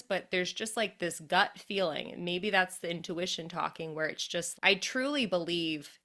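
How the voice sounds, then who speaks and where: A woman's voice: on the low side, sharp tone. A woman hosting a podcast, talking in an emphatic, enthusiastic way and swearing freely. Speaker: podcast host. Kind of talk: casual podcast conversation.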